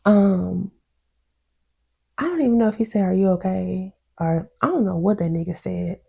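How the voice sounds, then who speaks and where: Gravelly, chatty woman vlogger. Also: lowish voice. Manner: chatty and animated, quotes others with mimicry; slangy, outspoken, laughs often. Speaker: reality show reviewer. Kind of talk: casual vlog review.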